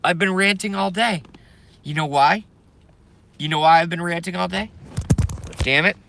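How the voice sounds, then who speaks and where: A middle-aged man ranting angrily on his live stream, swearing, breaking off to apologize, his voice going hoarse from a day of talking. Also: sits high, normal speed, bright, forceful tone, slight background noise. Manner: angry, profane ranting with sudden outbursts and apologies.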